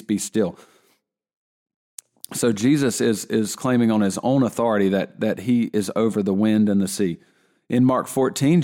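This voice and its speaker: A man giving a relaxed Bible lesson in a conversational way, often restarting his sentences. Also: lowish voice. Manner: conversational, with frequent restarts and fillers. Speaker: Bible teacher.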